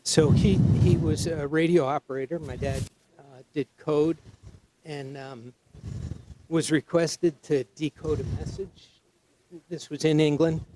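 A man's voice: fairly high pitch, fairly even intonation, unhurried, noisy background. A man from Connecticut, a guest on an appraisal show, telling a family story hesitantly with many ums and restarts. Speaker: guest with collectibles. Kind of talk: casual storytelling.

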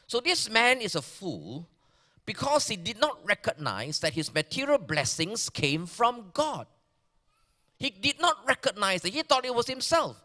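A pastor with a Malaysian English accent preaching a sermon, swinging between emphatic bursts and hushed near-whispers. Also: male voice, high voice. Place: large church hall. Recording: church hall reverb.

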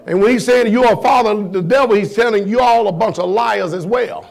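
A man's voice: high voice, brisk, vocal fry, few pauses. A man preaching a sermon as pastor, firing blunt rhetorical questions at his congregation in a folksy, emphatic way.

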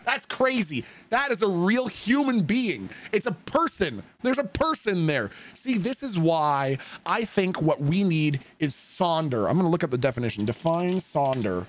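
A man livestreaming and chatting casually with viewers, swearing freely and swinging between heated rants and soft, supportive asides. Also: on the high side, sing-song, a little slow, hardly any pauses. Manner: profane, emphatic, swings from ranting to soft. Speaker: livestreamer reading chat.

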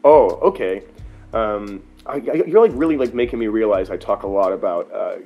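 A man's voice: fairly low pitch, normal speed, faint music behind. A young man, a guest on a talk show, telling stories in a rambling, casual way with lots of fillers. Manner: rambling, filler-heavy, animated retelling. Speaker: interview guest, folk singer. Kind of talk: casual storytelling.

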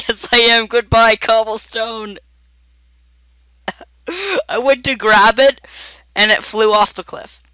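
A man's voice: very high voice, animated, takes it slowly, pushed and bright, no room sound. Goofy giggly man commentating a game. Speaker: gaming video host. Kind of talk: casual gameplay commentary.

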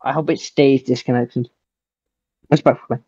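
A man's voice: medium pitch, steady tone, moderate pace, dark tone, husky, muffled recording. A young man playing an online football game against his friend, teasing him in a dry, sarcastic way. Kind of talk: casual gaming banter.

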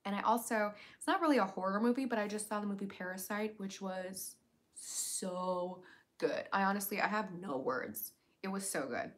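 A woman's voice: mid-range voice, normal speed, a bit bright. A young woman hosting a casual livestream, chatty and upbeat, reading viewers' questions aloud and answering them. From United States.

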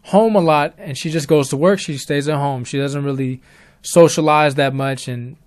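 A man's voice: on the high side, normal speed, dry recording, clean studio sound. Young man casually telling a spooky story. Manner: laid-back slang, rambling restarts. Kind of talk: casual spoken true story.

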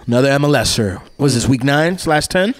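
A man's voice: medium pitch, lively intonation, normal speed. A man co-hosting a sports podcast, slangy and laughing in casual banter. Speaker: podcast co-host.

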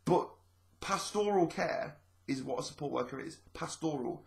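A man's voice: fairly high pitch, lively intonation, normal speed, gravelly. A man talking casually to camera in a vlog, rambling a little and repeating his phrases as he explains things. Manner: chatty and rambling, repeats phrases, acts out quoted speech. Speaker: vlogger.

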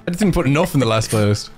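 A British man hosting a gaming session with friends, excitable, laughing often and muttering at his own play. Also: medium pitch, fast. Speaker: gaming channel host. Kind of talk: casual gaming banter. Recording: game music behind voice chat.

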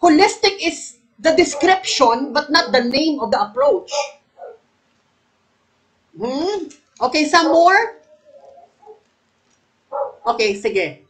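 Filipino woman, exam review teacher, high voice, quizzing and repeating questions. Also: big pitch swings, slow, long pauses, poor audio. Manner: quizzing, repeats questions, calls on viewers by name; switches between English and Tagalog. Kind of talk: live online exam coaching.

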